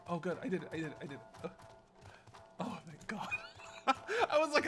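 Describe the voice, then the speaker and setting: An excitable young man streams a game, his high voice swooping up and down as he laughs and gushes. His commentary is casual and chatty. Faint game music plays underneath. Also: fairly quick. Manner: excitable, laughs often, gushing about cutscenes.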